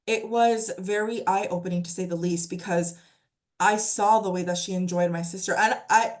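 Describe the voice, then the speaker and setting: A woman hosting a podcast, soft-spoken and heartfelt in casual conversation. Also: medium pitch, steady tone, moderate pace. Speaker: podcast host.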